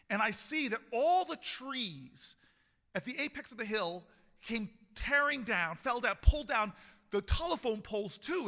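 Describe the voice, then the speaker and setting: A man giving a rousing political speech as a mayor, telling a story with frequent laughs and building to shouted rallying calls. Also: high-pitched, creaky. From United States. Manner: laughs often between lines. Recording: long hall reverb.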